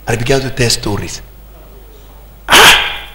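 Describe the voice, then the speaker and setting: A Nigerian pastor preaching a sermon, older, with sudden shouted peaks and call-and-response to the congregation. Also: male voice, fairly high pitch, expressive, normal speed, gravelly, heavy background noise. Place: church hall. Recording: echoey church hall.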